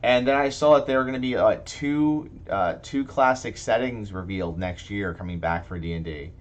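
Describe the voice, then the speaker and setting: Low-voiced rambling male podcast host. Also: moderate pace. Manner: rambling, restarts often. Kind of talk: casual chat about tabletop games.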